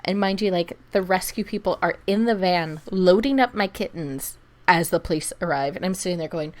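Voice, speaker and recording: Lively woman telling a story. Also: lowish voice, brisk. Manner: animated storyteller, acts out quoted people, laughs often. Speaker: podcast co-host. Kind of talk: casual storytelling chat.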